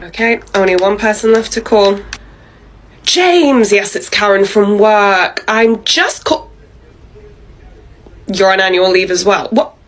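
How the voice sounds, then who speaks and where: A woman's voice: medium pitch, slow, pauses often, lightly acted, low-quality recording. A woman voicing a bossy, pushy female manager who dodges blame and leans on her staff. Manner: pushy, wheedling, dodging blame.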